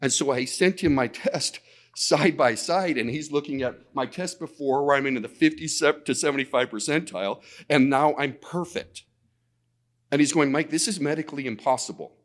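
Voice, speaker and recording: A man speaking at a conference, telling a personal story in an animated way, often repeating words and acting out the dialogue. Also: fairly high pitch, normal speed. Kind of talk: storytelling presentation. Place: conference talk.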